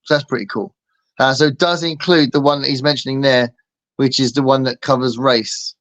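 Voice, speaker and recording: Relaxed man reading out chat comments. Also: mid-range voice, brisk, dry recording, poor audio. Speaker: co-host. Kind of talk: casual livestream chat.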